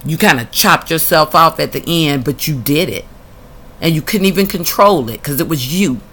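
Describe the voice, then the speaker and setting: A woman's voice: low voice, animated, normal speed, fairly bright tone, husky. A woman reading out documents from her own case and answering them bluntly and indignantly. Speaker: tenant telling her own housing case. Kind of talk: reading documents aloud and reacting.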